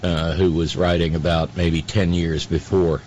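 A man hosting a talk radio show, giving political commentary in a halting, sarcastic way full of fillers. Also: sits low, level tone, a little mellow, slight background noise.

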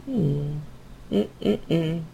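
A woman's voice: low-pitched, lively intonation, very slow, vocal fry, dark tone, slight background noise. A woman hosting a political commentary livestream, blunt, profane and sarcastic as she reacts to clips.

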